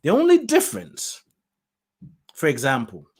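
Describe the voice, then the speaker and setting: Hosting his own self-produced podcast from the UK, a man rambles through a casual spiritual talk on a solo mic, musing, laughing often and losing his thread. His high-pitched voice swoops wildly and moves a little slowly, with vocal fry and a slightly rough, a little mellow tone.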